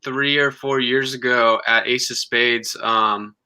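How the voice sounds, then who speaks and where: A young man in his twenties talks in a casual interview with a very bright, forward tone. His pitch stays flat and even, and he stumbles through restarts and filler words. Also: smooth. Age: 20s. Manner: halting, many ums and restarts. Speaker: guest musician.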